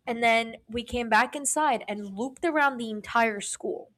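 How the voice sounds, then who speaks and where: A woman's voice: a little high, fairly quick, few pauses. A young adult woman co-hosting a podcast, telling a story in casual chat, cursing freely and acting out what everyone said. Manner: animated, profane, acts out quoted voices. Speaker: podcast co-host.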